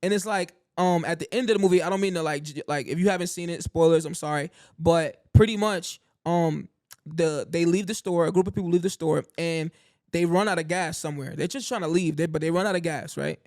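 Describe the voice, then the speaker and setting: A man's voice: fairly high pitch, a little fast, no echo, studio quality. A man co-hosting a podcast, telling stories in casual chat with lots of fillers. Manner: animated storyteller, heavy fillers. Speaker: podcast co-host.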